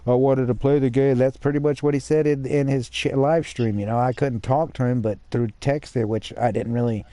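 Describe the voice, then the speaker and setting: A blunt man rambles on about an online game, swearing as he goes. His voice is mellow and dark. The recording is dry, with no room sound. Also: medium pitch, dry recording. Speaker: streamer. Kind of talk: casual chat about a game.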